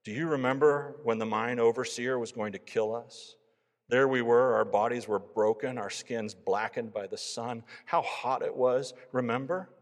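A preacher reading as an eager Viking convert. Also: male voice, medium pitch, moderate pace, natural voice. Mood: earnest. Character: eager earnest Viking man, a new believer. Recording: long hall reverb.

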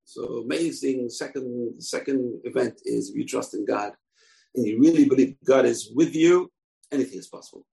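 A man's voice: medium pitch, moderate pace, gravelly, mellow, low-quality recording. A man giving an informal bible lesson, telling the story conversationally with asides. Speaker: bible teacher.

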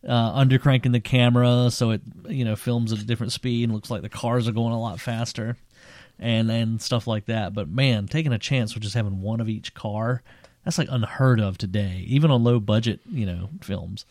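A man co-hosting a podcast, chatting casually about an old cult film, rambling and animated and laughing often. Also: medium pitch, moderate pace, no echo. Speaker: podcast co-host.

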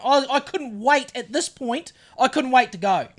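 A man's voice: extremely high pitch, moderate pace. A man, a podcast co-host getting over covid, telling a story in casual chat, cursing freely and acting out what he said. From New Zealand. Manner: profane, animated storyteller acting out his own lines. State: recovering from covid.

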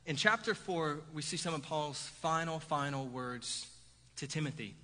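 Bright-voiced man preaching in a hall. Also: on the high side, normal speed. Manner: animated, conversational preaching with repeated "right?" asides. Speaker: pastor. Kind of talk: sermon. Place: church sanctuary. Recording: hall reverb.

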